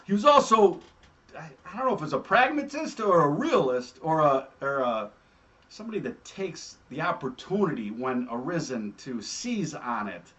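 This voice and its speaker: A man hosting a show, telling stories in a casual, animated way and often adding "all right?". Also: fairly high pitch, normal speed, highs cut off. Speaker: host. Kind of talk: casual storytelling.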